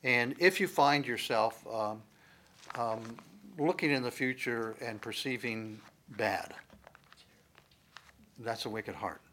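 A male pastor teaching a sermon from the Bible in a conversational way, building to loud, emphatic stresses on key words. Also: mid-range voice, slow, pauses often, slight background noise.

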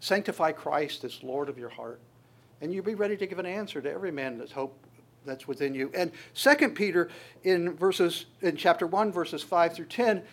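A male preacher delivers a sermon in a conversational, unpolished way. His voice sits a touch high for a man, and he often stumbles and restarts mid-sentence while quoting scripture. He shifts into small acted voices when he retells a story. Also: moderate pace. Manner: conversational, quotes scripture and acts out voices in passing; frequent restarts and stammers.

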